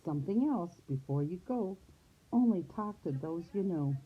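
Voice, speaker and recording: A woman voicing a caring mother who gives slow, sing-song rhyming warnings. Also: fairly low pitch, lively intonation, husky. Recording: phone-like lo-fi sound.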